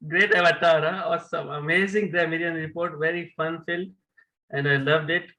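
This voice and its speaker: A man serving as general evaluator at an online club meeting, handing off briskly with compliments over a video call. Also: on the high side, fairly even intonation, pushed and bright, poor audio.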